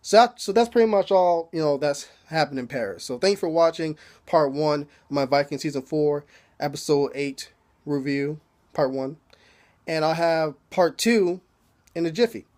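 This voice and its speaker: Male YouTube reviewer, slightly high voice, loose and slangy, chuckles through his recap. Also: moderate pace, darkish tone. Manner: laughs often, slangy, rambling. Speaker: TV episode reviewer. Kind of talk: casual recap with profanity.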